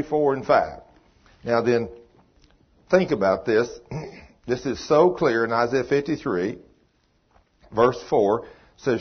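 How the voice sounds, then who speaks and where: Husky older preacher. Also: male voice, medium pitch, highs cut off. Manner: folksy, emphatic preaching with rising exclamations. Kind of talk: sermon teaching.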